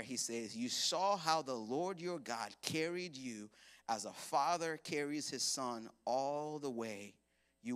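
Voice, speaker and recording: A man preaching a sermon in a church, animated and joking as he acts out quoted voices. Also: a little high. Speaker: pastor. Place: church hall.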